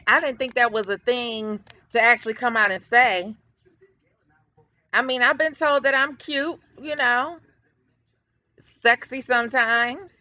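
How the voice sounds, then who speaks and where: A woman's voice: a little high, pushed and bright, dry recording, highs cut off. A woman from upstate New York giving a sassy, emphatic, chatty commentary on her vlog. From upstate New York, USA. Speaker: YouTube commentator.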